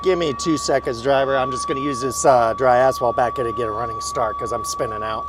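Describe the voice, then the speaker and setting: A man streaming a driving game, talking through each move and swearing loudly in frequent exasperated outbursts. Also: mid-range voice, steady tone, brisk, over loud music. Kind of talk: live gameplay commentary.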